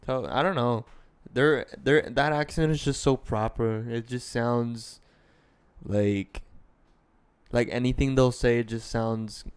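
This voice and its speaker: A man's voice: medium pitch, fairly even intonation, takes it slowly, clean tone. A young man co-hosting a podcast, chatting casually in a rambling, hesitant way with lots of fillers. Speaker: podcast co-host. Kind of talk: casual chat.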